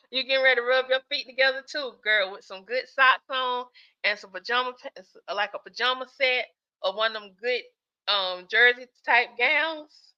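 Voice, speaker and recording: A woman hosts a live chat and talks straight to her viewers, laughing easily. She sounds sleepy and keeps stifling yawns. Her voice is bright and sits a bit high, and the audio is dull and lo-fi. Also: moderate pace, clear, resonant tone. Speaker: live-stream host reacting to skits.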